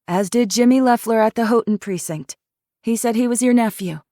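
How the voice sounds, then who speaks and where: A woman's voice: fairly high pitch, a little fast, warm tone, no room sound, studio quality, voice pushed up, natural voice. A woman voicing an earnest female deputy who speaks politely and pleadingly.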